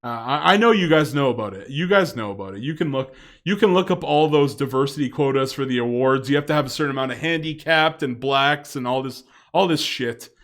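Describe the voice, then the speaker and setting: A man's voice: mid-range voice, lively intonation, brisk, a bit bright. A man giving a casual, rambling video commentary, with many fillers and chuckling asides.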